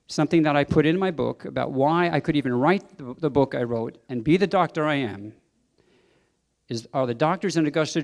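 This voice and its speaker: Middle-aged doctor guy speaking at a banquet, earnest and emphatic, kinda high voice, chuckles at his own jokes. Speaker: doctor giving a banquet speech. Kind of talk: public speech. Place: banquet hall.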